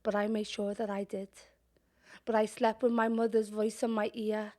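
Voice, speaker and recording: A young woman with a Scouse accent performing spoken-word poetry in a measured, deliberate way, sometimes dropping to a whisper. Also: medium pitch, level tone, darkish tone. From Liverpool, England. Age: young adult. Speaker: poet.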